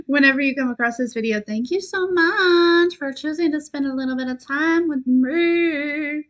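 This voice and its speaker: A young woman hosting a live stream, chatting warmly and rambling, giggling and at times tearful with gratitude. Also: high-pitched, moderate pace, hardly any pauses. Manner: chatty, rambling with many fillers. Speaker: livestream host and intuitive reader. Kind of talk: casual livestream chat.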